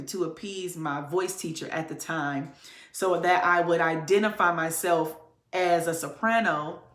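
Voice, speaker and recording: A woman podcast host, possibly from Detroit, candidly telling a personal story in a conversational way. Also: reverberant. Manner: candid, conversational, with sudden pitch jumps to demonstrate voices.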